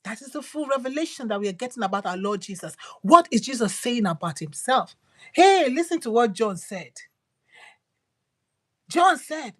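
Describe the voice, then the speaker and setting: Woman preacher, higher voice, emphatic and repetitive, loud lines dropping to whispers. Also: very animated, moderate pace. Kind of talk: devotional sermon.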